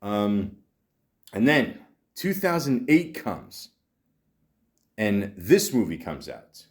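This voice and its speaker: A male podcast host with a lowish voice and huge pitch swings chats slowly and casually about films. His talk wanders, with many fillers and an occasional swear word.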